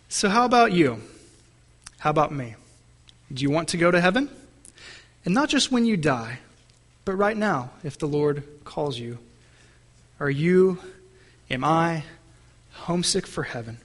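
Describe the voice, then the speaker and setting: A man preaching a sermon, reading scripture aloud and asking the congregation questions, shifting between slow, stressed phrases and quick asides. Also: on the high side, lively intonation. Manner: asks the congregation questions, varies pace and loudness. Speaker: pastor.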